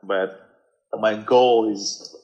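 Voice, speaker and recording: A man's voice: lowish voice, fairly even intonation, extremely slow, a little mellow, muffled recording. A man from Russia with a Russian accent, a native Russian speaker, chatting as a guest and searching for words with many fillers. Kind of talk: casual conversation.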